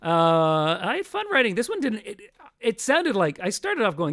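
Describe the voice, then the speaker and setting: A man's voice: sits high, wildly swooping pitch, moderate pace, a bit bright. A man hosting his own livestream as a singer-songwriter, chatting casually between songs in a rambling, self-mocking way that often trails off.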